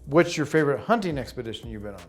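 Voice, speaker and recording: Quick-talking male interview host. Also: mid-range voice, lively intonation, faint music behind. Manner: quick, brief, eager questions. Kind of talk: casual interview questions.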